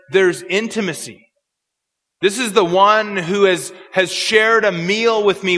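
A man's voice: sits high, sharp tone. A man preaching an expository sermon, earnest and prone to repeating words as he searches for phrasing. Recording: long hall reverb.

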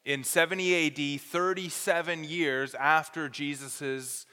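High-voiced bright preacher in a reverberant hall. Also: male voice, steady tone, measured pace, clear, resonant tone. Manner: earnest, explanatory teaching with careful emphasis. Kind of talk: expository sermon.

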